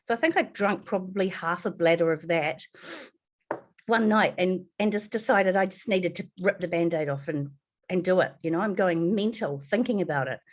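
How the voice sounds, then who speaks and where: A woman's voice: lowish voice, moderate pace. A woman with a New Zealand accent, a podcast guest telling her adoption story candidly, acting out voices as she goes. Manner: lively, swears, acts out voices in her story.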